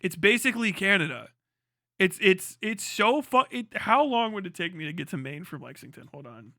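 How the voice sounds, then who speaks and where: Young man, streamer, blunt profane ranting, high bright voice, dry close sound. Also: lively intonation, moderate pace, no echo. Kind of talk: casual live-stream commentary.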